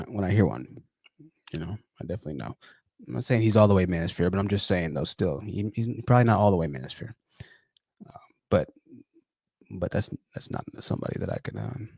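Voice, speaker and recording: A man's voice: on the low side, a little mellow, no room sound, studio quality. A man hosting a casual livestream, reading viewer comments in a laid-back way and acting out friends' voices. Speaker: livestream host.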